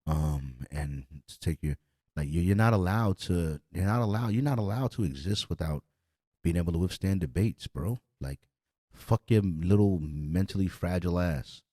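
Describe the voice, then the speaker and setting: A man's voice: deep voice, animated, normal speed, warm tone, no room sound, clean studio sound. A young man hosting a podcast in a casual, blunt and profane rant. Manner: blunt, profane, repetitive, heated. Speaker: podcast host.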